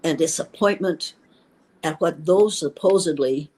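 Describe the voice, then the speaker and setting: A woman's voice: deep voice, unhurried, mellow, slightly rough, rough recording. An older woman, a retired schoolteacher, telling her story in an interview with emphatic, indignant feeling and acting out the dialogue she recalls. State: tearful at times. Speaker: interview guest, former schoolteacher.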